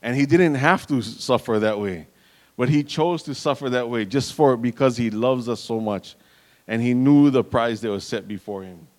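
A man's voice: mid-range voice, normal speed. A man preaching a sermon in an earnest manner, calling out to the congregation and restarting phrases as he goes.

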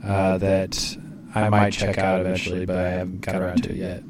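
A man co-hosting a casual podcast, talking in a relaxed, hesitant way and trailing off at times. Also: low voice, a little fast, slight background noise. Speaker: podcast co-host. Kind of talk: casual chat among friends.

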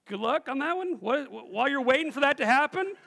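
A male pastor with a very high, gravelly voice preaches to his church. His tone is bright and sharp, and he calls out questions to the congregation and acts out the voices of the people he quotes. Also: lively intonation, quick pace. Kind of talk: sermon.

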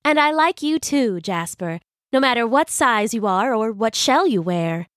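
A sensible, bookish young crab girl in a children's storybook, read by a woman, speaking gently and reassuringly in a raised, kindly voice. The sound is dry and close. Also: on the high side, animated, unhurried, no echo. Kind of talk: storybook reading.

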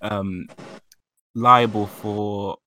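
A man's voice: lowish voice, fairly even intonation, extremely slow. A man with an Italian accent in a casual group chat, hesitant and full of fillers. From Italy. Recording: noisy remote line.

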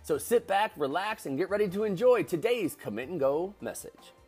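A man's voice: high-pitched, expressive, moderate pace, darkish tone, slightly rough. A man giving a podcast's recorded intro as its host, in an upbeat promo delivery. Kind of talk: recorded show intro over music. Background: faint music.

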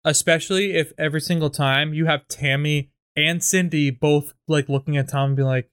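Smooth-voiced man, rambling casual chat. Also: a little high, steady tone, moderate pace, few pauses, a bit bright. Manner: rambling, full of filler words, acts out lines. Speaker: comedy writing partner.

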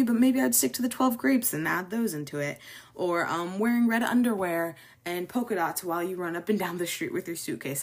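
A young adult woman hosting a casual chat, talking loosely with many fillers and small laughs. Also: fairly low pitch. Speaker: host. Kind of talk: casual chat about New Year's traditions.

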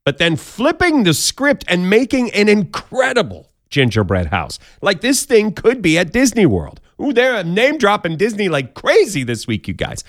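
Male podcast host, bouncy and animated, jokey news rundown, dry booth sound. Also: sits high, normal speed, hardly any pauses, no room sound. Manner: jokey, playful asides, bouncy delivery. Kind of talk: casual comedic news countdown.

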